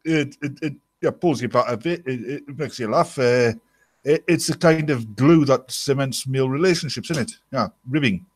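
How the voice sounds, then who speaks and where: A man's voice: medium pitch, moderate pace, breathy edge, no echo. A man, a blunt, sweary panelist on an online video call. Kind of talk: casual banter in an online hangout.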